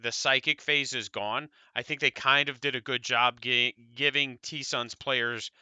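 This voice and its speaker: An American man co-hosts a podcast, chatting casually about tabletop wargames in a rambling, laid-back way and swearing now and then. His mid-range voice is smooth with a sharp tone, and there's no echo.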